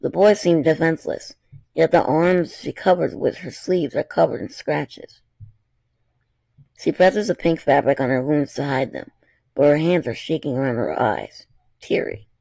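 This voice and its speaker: Gravelly-voiced man reading a story aloud. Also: a little high, unhurried, dark tone, no room sound. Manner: chatty, apologetic asides between dramatic reading. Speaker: reader of fan fiction.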